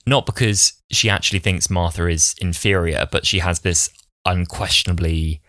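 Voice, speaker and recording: A man's voice: low-pitched, steady tone, moderate pace, fairly bright tone, no room sound, studio quality. A man in his twenties co-hosting a podcast, analysing an episode earnestly with the odd sweary aside. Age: 20s. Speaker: podcast co-host. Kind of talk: casual chat.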